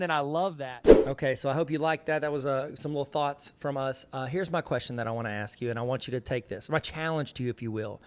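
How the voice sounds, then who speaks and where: A man with a Southern US accent hosting a casual conversation, telling stories with enthusiasm. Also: fairly high pitch. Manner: enthusiastic storytelling. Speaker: host.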